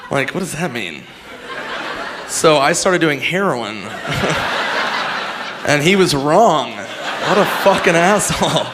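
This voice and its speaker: A man's voice: a little high, expressive, slow, pauses often. A man doing a stand-up routine on a club stage, with a laid-back, offhand delivery. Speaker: stand-up comedian. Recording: live set with audience noise. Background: audience.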